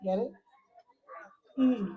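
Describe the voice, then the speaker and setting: A woman hosts an outdoor political meeting and speaks straight to the crowd. She talks slowly in a high voice as she introduces the next speaker. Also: phone-quality sound. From Guyana. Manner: chatty, addresses the crowd directly. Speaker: rally emcee. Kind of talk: emceeing a public meeting.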